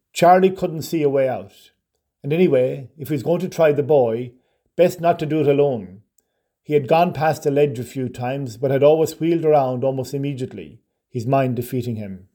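A man narrating a short story in a measured, even storytelling manner. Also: mid-range voice.

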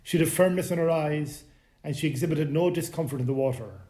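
Male storyteller, scripted narration, measured pace, fairly high voice. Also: mellow.

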